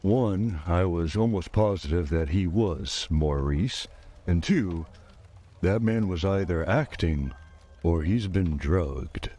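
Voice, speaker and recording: Very deep-voiced man drawling. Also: slow, dark tone, husky. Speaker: player. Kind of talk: in-character tabletop role-play.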